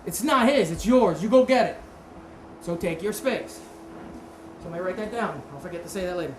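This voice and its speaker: A woman's voice: on the low side, brisk. Lady instructor quizzing her class, echoey room, noisy background. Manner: conversational, quizzes the class, self-correcting. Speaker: martial arts instructor. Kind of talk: hands-on seminar teaching. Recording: roomy echo with steady background noise.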